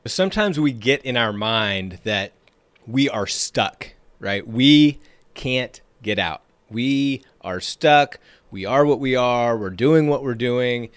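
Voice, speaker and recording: A man hosting a podcast as a trading coach, talking in an energetic, emphatic motivational monologue that repeats phrases for effect. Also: mid-range voice, slow pace, dry recording.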